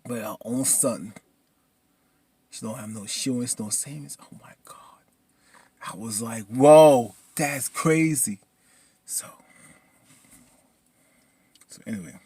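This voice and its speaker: A man casually recapping a TV episode in an excitable, colloquial way. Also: lowish voice, unhurried, long pauses, husky, no echo. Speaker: TV episode reviewer.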